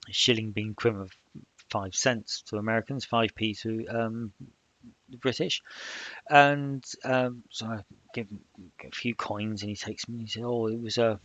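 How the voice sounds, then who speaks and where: A man narrating his solo tabletop game, in a halting manner with many fillers. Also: fairly low pitch, steady tone, fairly bright tone, no echo, dull audio. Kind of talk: solo role-play narration.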